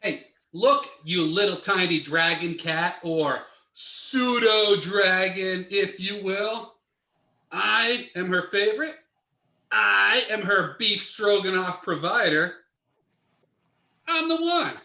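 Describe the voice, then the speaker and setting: A man voicing a prim house cat, slow and fussy, very bright tone, jealous, improv scene. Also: sits high, expressive, roomy sound, full character voice. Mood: boastful. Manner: prim and overly polite. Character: male house cat, polite but jealous.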